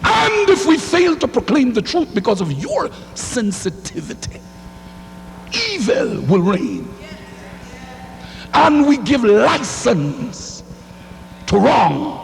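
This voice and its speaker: A man preaching a sermon in a church, swinging into shouted lines and calling for responses from the congregation. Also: high voice, big pitch swings, unhurried, vocal fry. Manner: fiery, rising to shouts, call-and-response. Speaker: pastor. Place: church sanctuary. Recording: hall reverb, faint hum.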